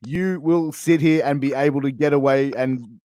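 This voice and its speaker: A man's voice: a little high, steady tone, normal speed, dark tone, no room sound, clean studio sound. A man with an Australian accent hosting a casual interview game, playful and swearing casually over a video call. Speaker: host.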